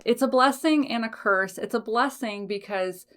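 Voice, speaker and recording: A woman's voice: fairly high pitch, normal speed, fairly bright tone. A woman hosting a podcast in a casual solo chat, laughing often, swearing lightly and correcting herself as she goes. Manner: frequent fillers, self-corrections. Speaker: podcast host.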